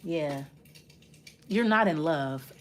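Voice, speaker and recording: A woman's voice: sits low, expressive, extremely slow, a little hiss or hum. A woman giving a casual spoken tarot reading, blunt and profane, rambling and restarting as she talks straight to the listener. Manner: rambling, with many restarts while reading cards. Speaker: tarot reader.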